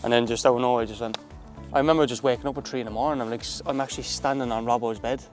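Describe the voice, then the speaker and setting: A man's voice: mid-range voice, fairly even intonation, racing, soft background music. A man with an Irish accent, a footballer telling stories in a casual interview, full of fillers and restarts. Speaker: footballer, guest.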